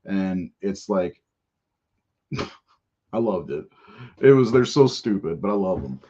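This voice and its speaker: A man's voice: low-pitched, lively intonation, slow pace, warm tone. A man hosting a podcast in casual live-stream chat, rambling and profane and laughing often. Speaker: podcast host. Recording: dull lo-fi audio.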